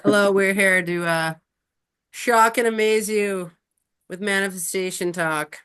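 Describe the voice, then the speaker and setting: A woman's voice: medium pitch, unhurried, fairly bright tone, clean tone. A woman hosting a casual group conversation, chatty, with lots of fillers. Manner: chatty, many fillers, laughs often. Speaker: host.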